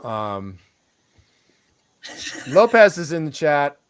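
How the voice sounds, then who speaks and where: A man's voice: on the high side, sing-song, drawn-out words, smooth. A man hosting a casual live stream, over-caffeinated, swearing constantly and rambling from one thought to the next. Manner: profane, rambling, jumpy. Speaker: livestream host.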